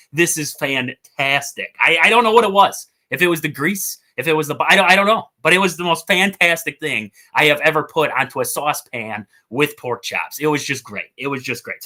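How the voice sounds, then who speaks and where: A man hosting a casual sports podcast, talking excitably and rambling as he calls out to viewers. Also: a little high. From Wisconsin. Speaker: podcast host.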